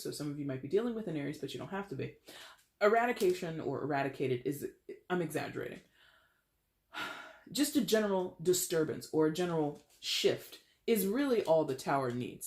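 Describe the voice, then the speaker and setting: A tarot reader giving a casual, chatty reading with playful, dramatic exaggeration. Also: mid-range voice. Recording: roomy echo.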